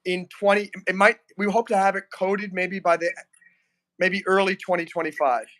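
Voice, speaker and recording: A man's voice: high voice, steady tone, normal speed, fairly bright tone. A man hosting a casual livestream, joking playfully and reading out chat comments. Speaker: livestream host.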